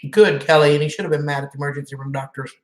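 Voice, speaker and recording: A woman's voice: low voice, steady tone, rapid-fire. A woman hosting a live stream, chatting casually and greeting viewers by name. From Southern United States. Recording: echoey room.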